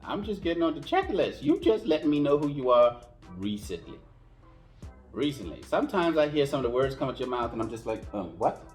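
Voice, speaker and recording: A man co-hosting a casual podcast about dating, telling stories in an animated way and acting out both sides of the talk. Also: mid-range voice, brisk, reverberant, soft background music. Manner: animated storyteller who mimics both sides. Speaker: podcast co-host.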